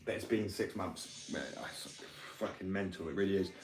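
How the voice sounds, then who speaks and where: A man's voice: deep voice, moderate pace. A man, rambling, opinionated and sweary in casual chat. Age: 20s. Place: workshop room. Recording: echoey room, far from the mic, music behind.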